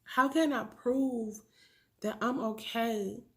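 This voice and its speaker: A woman in her thirties speaking in an emotional confessional vlog, soft and halting, at times whispering and close to tears. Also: a little high, steady tone. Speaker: family vlogger.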